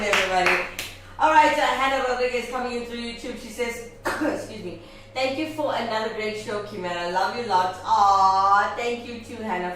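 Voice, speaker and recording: A woman hosting a live show, reading viewer comments and signing off in an affectionate, gushing way. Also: mid-range voice. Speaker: host. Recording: echoey room, distant mic, background noise.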